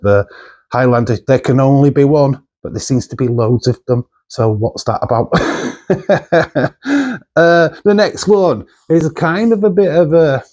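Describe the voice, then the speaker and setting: A man's voice: medium pitch, darkish tone. A man from the UK, hosting a movie channel in a loose, rambling chat full of fillers and asides.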